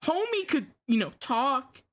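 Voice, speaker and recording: A woman's voice: sits high, sing-song, measured pace. A woman co-hosting a podcast, chatting casually and giggling often, with plenty of swearing. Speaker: podcast co-host. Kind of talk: casual chat reacting to clips.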